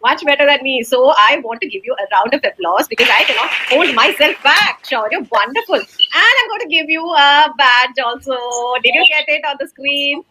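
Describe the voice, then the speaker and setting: A woman teacher, leading a child through an online class. Her voice sits high and rings bright, and she keeps up a stream of encouragement broken by frequent laughter. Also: animated, normal speed, few pauses, a little hiss or hum. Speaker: teacher in a recorded demo class. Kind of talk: animated kids' online class.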